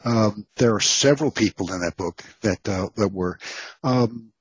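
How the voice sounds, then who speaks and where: Husky, muffled Texan-born male author. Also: lowish voice, unhurried, dry recording. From Texas. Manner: rambling, many fillers and restarts. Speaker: author guest. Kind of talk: casual storytelling interview.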